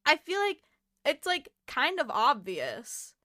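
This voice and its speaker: A woman's voice: high-pitched, wildly swooping pitch, slow, pushed and bright, no room sound, studio quality. A young woman co-hosting a podcast, chatting casually, laughing often and swearing freely. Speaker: podcast co-host. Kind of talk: casual chat.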